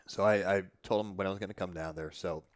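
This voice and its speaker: A man telling a long story in casual conversation, animated and profane, often restarting his sentences. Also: low-pitched, fast talker, no echo, studio quality. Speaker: podcast guest.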